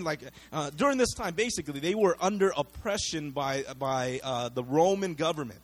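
Animated, conversational man preaching. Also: high voice, brisk, hardly any pauses. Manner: conversational, animated storytelling with acted-out quotes; frequent fillers and repeated words. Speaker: pastor. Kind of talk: sermon.

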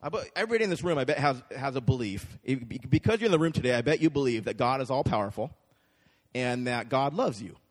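Fast and with lively intonation, a man with a mid-range voice delivers a sermon to his congregation. His conversational style includes frequent "right?" check-ins with the crowd, all heard through a long hall reverb.

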